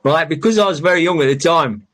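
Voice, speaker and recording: A middle-aged man, rambling through a casual storytelling monologue on his podcast. His voice sits a little higher than most men's, and he talks in loose, circling sentences full of ums, restarts and the odd swear word. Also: quick pace, fairly bright tone. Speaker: podcast host.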